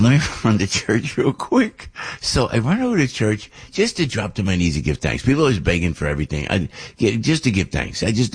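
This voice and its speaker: An older radio host telling a rambling personal story in a chatty, animated way. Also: male voice, low-pitched, slightly rough, no echo. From Italian-American. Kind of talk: casual storytelling monologue.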